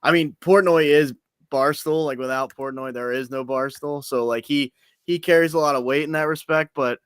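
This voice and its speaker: A man's voice: fairly high pitch, moderate pace, a bit bright, smooth, no room sound. A man co-hosting a casual sports podcast, talking hesitantly with many restarts as he thinks aloud. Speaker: podcast co-host.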